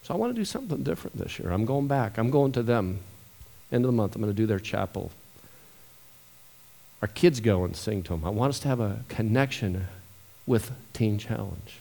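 A man preaching a sermon as pastor, moving from quiet storytelling to loud, emotional scripture reading. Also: lowish voice, lively intonation, a little fast, vocal fry.

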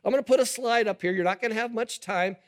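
A pastor preaching a sermon to a live congregation, animated and quizzing the audience. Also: male voice, high-pitched, quick pace. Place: church service with a live audience.

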